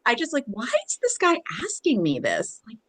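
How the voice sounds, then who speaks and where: A woman from Pennsylvania co-hosting a podcast, telling lively anecdotes and acting out the voices of the people in them. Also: a little high, normal speed, a crowd in the background. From eastern Pennsylvania, USA. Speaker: podcast co-host. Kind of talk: casual chat.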